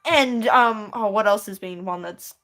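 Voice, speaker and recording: A woman doing a loud, overexcited impression of a male YouTuber hosting wild stunts. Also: medium pitch, a little slow, lightly acted. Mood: hyped.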